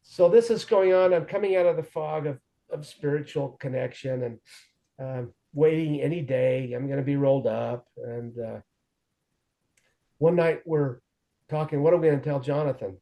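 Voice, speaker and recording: Man with a mellow voice recounting his past. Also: on the high side, unhurried, gravelly. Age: 40s. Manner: earnest, animated retelling with quoted dialogue. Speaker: guest sharing his recovery story. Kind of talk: conversational storytelling.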